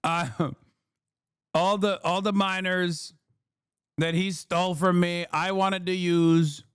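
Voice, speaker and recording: A man's voice: sits high, flat delivery, slow, a bit bright, clean tone, dry recording, studio quality. A man putting on a mock impression of a boastful old male politician, rambling and exaggerated. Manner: rambling, exaggerated, self-praising.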